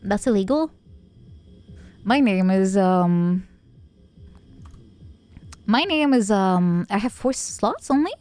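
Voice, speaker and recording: A woman streamer chatting casually while playing a game, playful and giggly, thinking out loud. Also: mid-range voice, expressive, takes it slowly, long pauses, faint music behind. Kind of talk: casual gaming chat.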